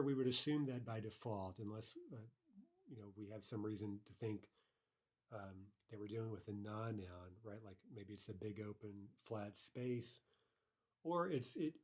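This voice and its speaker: A man giving a recorded grammar lesson, patiently saying each phrase slowly twice, with fillers and self-corrections. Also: on the low side, a little mellow. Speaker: language teacher.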